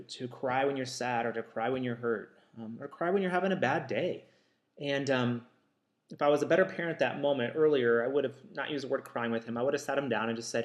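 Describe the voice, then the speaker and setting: A man talks straight to his listeners in a casual, reflective way, often stopping with ums and starting over. His voice sits at a middle pitch, and the room gives it a clear echo. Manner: reflective, many ums and restarts. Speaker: author and counselor. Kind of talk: casual talk to camera.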